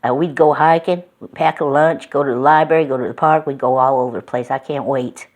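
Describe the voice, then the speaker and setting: Low-voiced woman telling a rambling story. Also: steady tone, brisk, a little mellow. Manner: chatty, folksy, meandering with many fillers. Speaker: vlogger. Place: at home.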